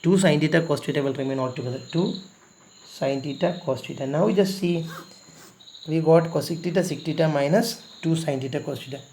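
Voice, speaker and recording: A man's voice: on the high side, brisk, a little mellow, slight background noise. A man teaching a recorded math lesson, explaining patiently step by step, repeating himself and pleading with students to practise.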